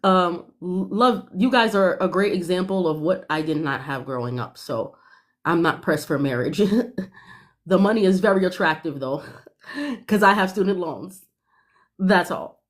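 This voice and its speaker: A young woman giving animated, sassy commentary on a reality show, laughing often. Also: on the low side, measured pace. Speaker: podcast panelist.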